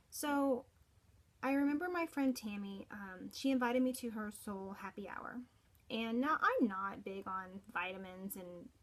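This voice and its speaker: A middle-aged mother telling her story as a personal testimonial, earnest and halting, with frequent restarts. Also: mid-range voice. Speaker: parent giving a product testimonial.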